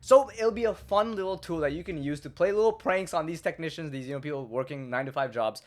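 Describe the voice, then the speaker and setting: A man's voice: fairly high pitch, fast, few pauses. A young man, a YouTuber, delivering a crude, rambling comedic monologue full of stumbling repetitions.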